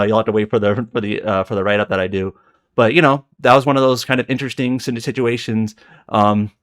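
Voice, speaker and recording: Rambling man recounting on a podcast. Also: mid-range voice. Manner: rambling, heavy on fillers and self-corrections. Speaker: podcast co-host. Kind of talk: casual podcast chat.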